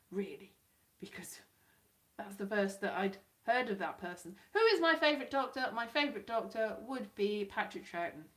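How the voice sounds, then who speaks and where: A woman's voice: medium pitch, fairly bright tone. A woman chatting casually on a livestream from home into a webcam. She rambles and pokes fun at herself. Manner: chatty, rambling, self-mocking. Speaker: YouTuber.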